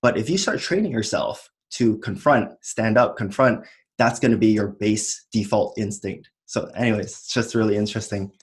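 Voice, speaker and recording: A man's voice: lowish voice, normal speed. A man in his thirties, an entrepreneur as guest, talking casually and reflectively, with frequent small laughs. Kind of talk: casual chat.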